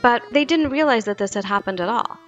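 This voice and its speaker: A woman's voice: on the high side, brisk, dull audio, soft background music. Woman explaining psychology research. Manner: explanatory, lively storytelling. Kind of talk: interview conversation.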